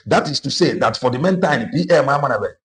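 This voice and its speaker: A man's voice: mid-range voice, lively intonation, fairly quick. A man with a Nigerian Igbo accent giving an impassioned political monologue, moving between Igbo and English with emphatic repetition. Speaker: online political commentator.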